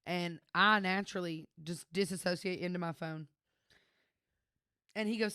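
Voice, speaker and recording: A woman's voice: fairly low pitch, steady tone, normal speed, pauses often, pushed and bright, clean tone, dry recording. Young woman podcast co-host, chatty storyteller, dry booth sound. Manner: chatty storyteller, laughs often. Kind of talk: casual chat.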